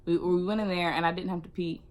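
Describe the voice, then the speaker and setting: A young woman vlogger telling a casual storytime, animated and acting out what people said. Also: fairly low pitch, fast. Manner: animated, acts out quotes.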